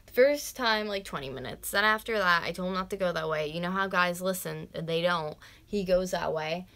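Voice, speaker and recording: Fairly low in pitch and fairly quick, this twenty-something North American woman sounds pushed and bright. She's a vlogger ranting on a live stream in casual chat, swearing freely, leaning on "like," and sometimes dropping to a whisper.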